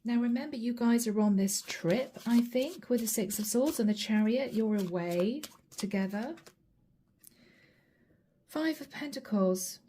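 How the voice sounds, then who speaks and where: A woman's voice: on the high side, expressive, unhurried, dark tone. A middle-aged woman giving a channeled tarot reading, talking straight to the viewer in a chatty way and naming each card as she draws it. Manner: chatty, addresses viewer directly, names cards as she draws. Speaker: tarot reader.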